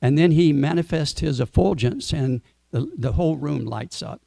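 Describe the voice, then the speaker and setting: A man with a gravelly, low-lying timbre tells a devotional story to a gathered audience. His tone is dark and mellow, and the sound is dry and close. He talks in a relaxed way and now and then asks the listeners questions. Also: moderate pace, no room sound. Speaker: speaker at a temple Sunday program. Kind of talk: storytelling sermon.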